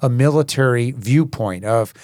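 A man's voice: mid-range voice, moderate pace, a little mellow, no echo. A man who hosts and teaches leadership, reading scripture and then reflecting on it in an earnest, conversational way. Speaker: podcast host and leadership teacher. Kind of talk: Bible reading and devotional talk.

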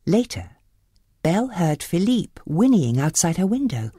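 Animated low-voiced woman reading a storybook. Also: unhurried, slight background noise. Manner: expressive, animated. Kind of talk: storybook read-aloud. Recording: faint background music.

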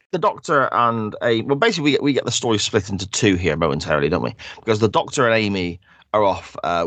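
A man's voice: sits low, a bit bright, dry recording. A man co-hosting a casual podcast, recapping loosely with tag questions and fillers. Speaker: podcast co-host. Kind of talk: casual chat.

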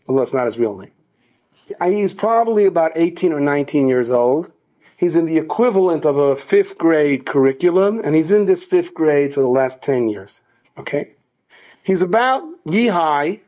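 An animated male rabbi telling an inspirational story with a fairly high voice. His delivery keeps climbing in intensity and pushes hard on key points, near shouting at times.

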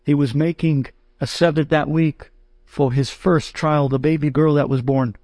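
Male rabbi storyteller, high voice, animated, mimics his characters; dry, close recording. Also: moderate pace, dry recording. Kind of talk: humorous anecdote told to an audience.

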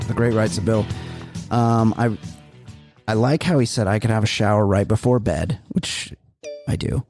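A man's voice: lowish voice, normal speed, a little mellow, faint music behind. A man hosting a comedy podcast, telling long rambling stories with plenty of swearing. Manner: profane, rambling storyteller. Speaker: podcast host. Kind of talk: casual comedy chat.

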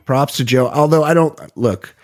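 A man's voice: mid-range voice, moderate pace, dry recording, clean studio sound. A man co-hosting a comedy podcast, trading crude, wisecracking asides in casual banter. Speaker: podcast co-host.

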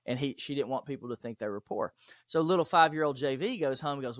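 A man of middling pitch tells animated stories as a podcast guest, slipping into the voices of the people in them. The recording is dry and close, with no room sound. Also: fast, no echo. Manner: animated, acts out dialogue in stories. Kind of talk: interview storytelling.

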